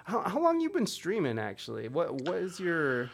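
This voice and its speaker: A man's voice: a little high, wildly swooping pitch, moderate pace, vocal fry, husky. A man hosting a podcast and live stream, talking casually in a rambling, self-interrupting, jokey way with some swearing. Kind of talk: casual chat.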